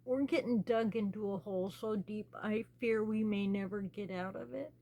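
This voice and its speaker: A woman from the United States, talking slowly and earnestly as host of her own small channel, pleading with her listeners. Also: medium pitch, warm tone. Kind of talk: personal spoken commentary.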